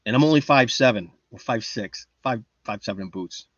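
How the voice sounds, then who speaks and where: A man's voice: medium pitch, fairly quick, fairly bright tone, dry recording, muffled recording. A man chatting casually on a livestream, reading the chat and rambling in a boastful, joking way. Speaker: livestream host.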